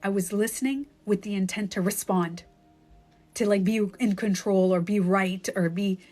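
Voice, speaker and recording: A woman's voice: medium pitch, moderate pace, mellow. A woman life coach talks into her phone during a live stream. She tells her story candidly and emotionally, peppering it with "like." Faint music plays behind her.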